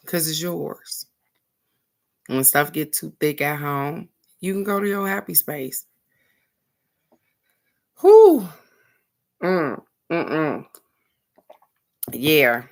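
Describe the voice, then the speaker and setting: Low-voiced woman telling a frank story. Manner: animated storytelling, acting out quoted voices, addressing viewers directly; frank and blunt, with the odd curse word. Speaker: host of a daily card reading show. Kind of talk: casual spiritual chat to viewers.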